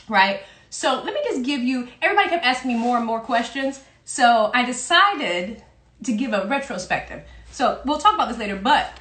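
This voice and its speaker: In a bright, forceful voice on the high side, a Southern-accented woman from South Carolina hosts a playful, chatty livestream from home in Brooklyn. The sound is roomy, and the talk is casual.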